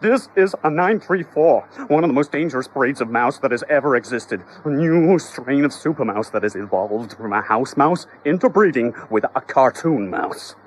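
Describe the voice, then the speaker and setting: A man's voice: mid-range voice, expressive, moderate pace, hardly any pauses, slight background noise, close to an everyday voice. A man doing a brash swaggering pest exterminator. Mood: grave. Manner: swaggering, cocky action-hero talk.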